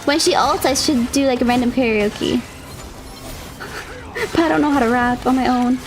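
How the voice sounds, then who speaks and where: A young woman streaming a video game, chatting casually with viewers and reacting with loud shrieks. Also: high-pitched, moderate pace. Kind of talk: casual live-stream chat while gaming. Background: game music and sounds.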